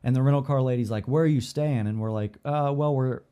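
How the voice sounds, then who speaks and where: Male podcast co-host, casual storyteller, animated delivery with voiced quotes. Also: mid-range voice, fairly quick, clean tone. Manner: animated, acts out other people's lines in quoted voices.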